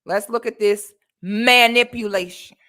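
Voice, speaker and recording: A young woman with a bright, sharp voice talks sassy, emphatic advice straight to her viewers. She runs her own vlog and keeps every line punchy. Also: medium pitch, measured pace. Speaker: commentary vlogger. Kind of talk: casual advice commentary.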